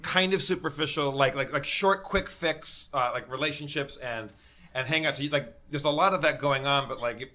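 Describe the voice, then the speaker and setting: A man's voice: mid-range voice, normal speed, pushed and bright. A man on a live comedy podcast, thinking aloud in a hesitant way, with many fillers. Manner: hesitant, filler-laden musing.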